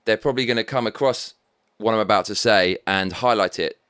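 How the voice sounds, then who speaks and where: A man's voice: fairly low pitch, a little fast, fairly bright tone, clear, resonant tone, no echo, studio quality. A man with an English accent hosting a live stream, reading out viewer comments in a cheeky, rambling, sweary way. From England.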